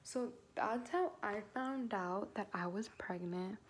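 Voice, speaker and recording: In a relaxed vlog, a teen girl who is pregnant shares her story slowly in a medium-pitched voice, with a little hiss or hum in the background. Her talk is chatty, packed with fillers and frequent swearing.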